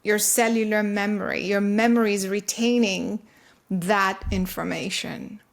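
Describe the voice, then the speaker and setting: A woman guest in an interview, earnestly explaining her ideas in quick bursts with frequent restarts. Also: medium pitch, steady tone, gravelly. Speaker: guest, consciousness researcher. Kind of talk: interview conversation.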